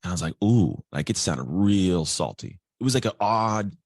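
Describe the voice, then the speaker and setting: A man telling his life story as a guest, energetic and chatty, acting out other people's voices. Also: sits low, normal speed, no room sound, studio quality. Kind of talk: candid storytelling.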